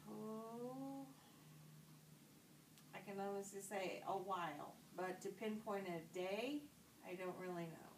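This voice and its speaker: A woman's voice: mid-range voice, slow pace, long pauses, a little hiss or hum. A woman playing a patient in a nursing demonstration, answering hesitantly with fillers. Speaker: role-played patient. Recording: echoey room, far from the mic.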